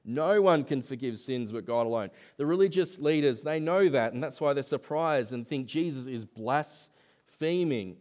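A man's voice: mid-range voice, a little mellow. A man preaching a sermon in church, talking conversationally and asking rhetorical questions.

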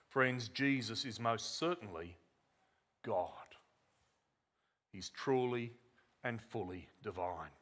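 A man preaching a sermon, deliberate and emphatic, repeating words and dropping to a quiet voice on key points. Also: medium pitch.

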